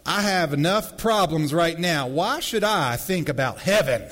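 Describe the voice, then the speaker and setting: A man's voice: fairly high pitch, lively intonation, a little slow, fairly bright tone. A preacher reading aloud a weary, skeptical man's letter in a plain voice. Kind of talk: sermon. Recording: long reverb in a large hall.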